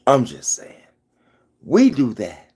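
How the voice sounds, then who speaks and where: A man's voice: medium pitch, wildly swooping pitch, slow, a little mellow, slightly rough. A middle-aged man giving an emphatic, preachy commentary vlog into his phone, hammering his points home by repeating them. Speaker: vlogger.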